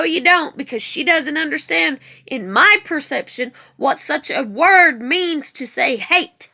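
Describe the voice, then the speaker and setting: A woman's voice: sits high, creaky, bright, forceful tone. A woman in an emotional, angry monologue vlog, swearing heavily and hammering her points through repetition. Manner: heavily profane, ranting. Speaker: vlogger.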